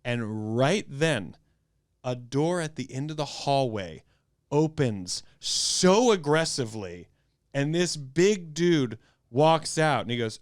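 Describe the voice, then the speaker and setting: Smooth-voiced man telling a story. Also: takes it slowly, no room sound, studio quality. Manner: animated, acts out quotes with big pitch jumps. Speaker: podcast host. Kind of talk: casual storytelling chat.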